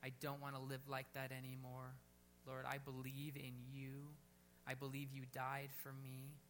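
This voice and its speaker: A man preaching a sermon at a church service, fervent and urging, dropping to a quiet, gentle tone to lead prayer. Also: mid-range voice, completely flat delivery, unhurried, a little hiss or hum. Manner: fervent, rising to near-shouts on bold exhortations, then quiet and gentle in prayer. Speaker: pastor.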